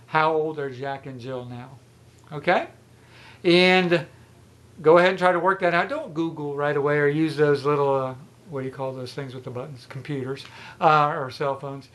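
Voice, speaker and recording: Man in his sixties, trivia host, casual rambling talk, outdoors, a bit high-pitched. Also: fairly bright tone. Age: 60s. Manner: chatty and rambling, with repeated false starts. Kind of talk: casual explanation of a math riddle.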